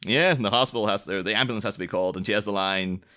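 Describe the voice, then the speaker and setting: A man's voice: on the low side, rapid-fire, pushed and bright. A man chatting casually on a podcast, talking at length, laughing often and slipping into mock voices.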